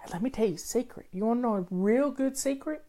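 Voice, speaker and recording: An older woman hosts a home-organizing show, chatting casually and folksily with her viewers live. Her voice is a little high, fast, and dark in tone, and she talks over faint background music.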